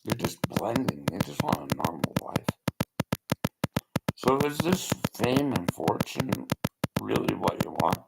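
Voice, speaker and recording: Older gravelly man rambling over loud noise. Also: lowish voice, big pitch swings, unhurried. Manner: rambling, drifts into whispery asides. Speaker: vlogger. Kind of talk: rambling motivational monologue.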